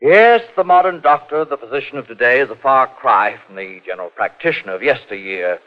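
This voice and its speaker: A man's voice: mid-range voice, lively intonation, brisk, lightly acted. An actor playing a pompous, fussy male physician who talks at length, hemming and coughing, in 1940s radio acting. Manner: pompous, long-winded, hemming with uhs and coughs. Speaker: doctor. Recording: muffled 1940s radio broadcast.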